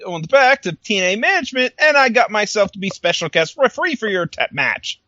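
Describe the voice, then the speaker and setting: A male podcast co-host with a high voice talks fast, his pitch swinging widely and his tone sharp, as he casually recaps with animation. He acts out lines and laughs a lot; the recording has no echo and lacks highs.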